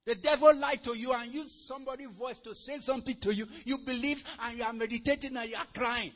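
Man, preacher, sermon, high-pitched, animated, loud bursts. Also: fairly quick. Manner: animated, swings from quiet to loud and laughing.

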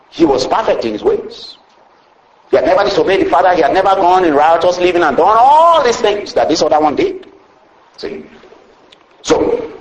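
A man preaching a sermon with a lively, swooping delivery that rises and falls as he retells a parable. His voice sits a little high for a man. A roomy echo hangs around every phrase. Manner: animated storytelling, keeps asking "see?".

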